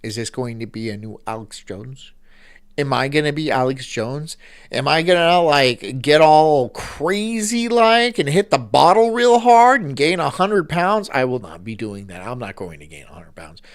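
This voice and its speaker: A man's voice: a little high, lively intonation, normal speed, clear, resonant tone. A man hosting a stream, reacting casually with rambling, swearing asides. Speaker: streamer host.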